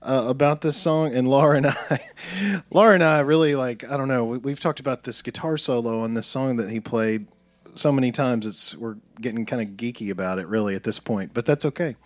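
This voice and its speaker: A man's voice: mid-range voice, brisk. A man, a guest musician, rambling and laughing self-deprecatingly as he sets up a song. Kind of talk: chatting before a song. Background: guitar playing.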